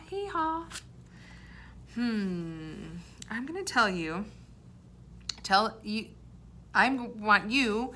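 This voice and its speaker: Slow, bright-voiced woman teacher. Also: mid-range voice, a little hiss or hum. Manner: clear, encouraging, explains words simply. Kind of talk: reading a poem aloud to young children.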